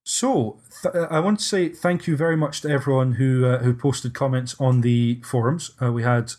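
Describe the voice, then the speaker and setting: A man's voice: mid-range voice, normal speed, a little mellow. A man hosting a casual podcast discussion, hesitant and often restarting his sentences. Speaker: podcast host.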